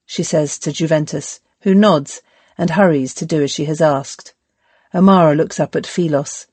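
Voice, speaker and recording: Female audiobook narrator, lowish and measured, dry close read. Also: darkish tone, husky, dry recording. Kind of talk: scripted narration.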